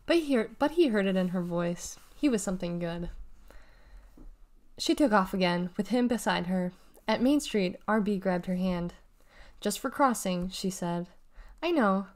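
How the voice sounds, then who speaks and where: A woman reading a children's novel aloud, acting out the dialogue with raised pitch, loud calls and whispers. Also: lively intonation, normal speed. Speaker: reader.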